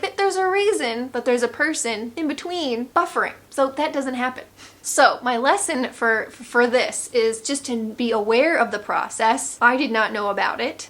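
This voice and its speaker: American woman vlogger, chatty and expressive, a touch higher pitched. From United States. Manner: chatty, expressive, frequent restarts. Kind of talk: casual storytelling to camera.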